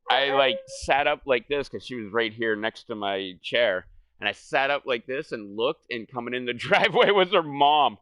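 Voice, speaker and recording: A man's voice: medium pitch, moderate pace, bright, forceful tone, no room sound. Profane rambling man telling a story. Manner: rambling, profane, laughing, mimics voices in quotes. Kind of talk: casual storytelling over gameplay.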